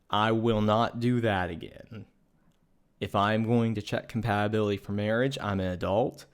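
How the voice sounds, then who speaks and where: A man's voice: lowish voice, clean tone. Earnest man telling a dating story. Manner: earnest, measured, matter-of-fact retelling. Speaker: podcast co-host. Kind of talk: personal storytelling.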